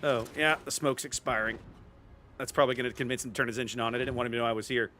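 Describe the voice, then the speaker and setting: A man's voice: mid-range voice, fairly even intonation, rapid-fire, sharp tone, soft background music. A middle-aged man with a Cajun Louisiana accent, chatting upbeat as he hosts a live gameplay stream and greets his chat. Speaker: streamer host.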